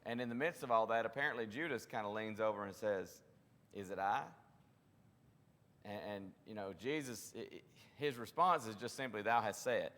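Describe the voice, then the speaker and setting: Low-voiced man teaching a Bible class. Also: brisk, few pauses, sharp tone, long reverb tail. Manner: conversational, with frequent restarts and acted-out quotes. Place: church classroom.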